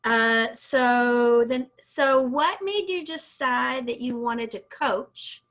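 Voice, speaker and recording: A woman's voice: on the high side, slow, fairly bright tone. A woman hosting an online author talk over a video call, encouraging and reminding listeners to post questions. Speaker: library interviewer.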